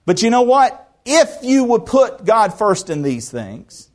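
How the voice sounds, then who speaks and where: Male preacher, high voice, folksy and joking, stumbles into restarts, church sermon. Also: big pitch swings, slow, a little mellow. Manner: folksy, joking asides, repeats words when starting. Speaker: pastor.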